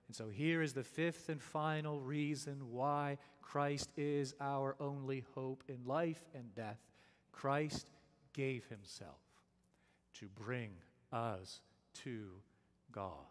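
A man preaching a sermon, emphatic and deliberate, posing rhetorical questions to his listeners and slowing down to stress key phrases. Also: mid-range voice. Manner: emphatic, asks rhetorical questions and answers them. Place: church sanctuary. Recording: long reverb of a church sanctuary.

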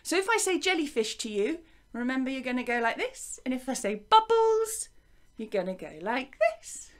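A woman with an English accent teaching young children a music and movement lesson to camera, gentle and encouraging, chanting along with the actions. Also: high-pitched, big pitch swings, normal speed. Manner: gentle, encouraging, sing-song counting and chanting. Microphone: wearing a microphone.

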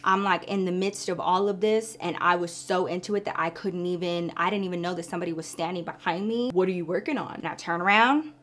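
A woman vlogger telling a story in casual, animated chat, often calling her listeners girl. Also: lowish voice, brisk, few pauses.

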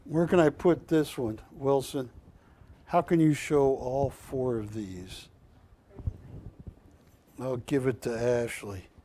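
An older man with a warm, mid-range voice speaks slowly with long pauses while hosting a live shopping channel show in a TV studio, recorded on a lapel mic. He's chatty and jokey but pushy as he sells deals.

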